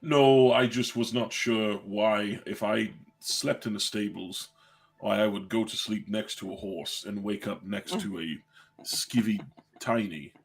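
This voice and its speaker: A man role-playing his character at a tabletop game, speaking in a measured, formal, dry and hesitant way. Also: on the low side, creaky.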